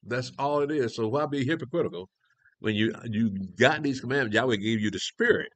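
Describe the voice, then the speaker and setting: A man's voice: mid-range voice, a little fast, a bit bright, dry recording. A man teaching a scripture class in a conversational way, reading verses and asking rhetorical questions. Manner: conversational, restarts often, asks rhetorical questions. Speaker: elder teaching a prophecy class.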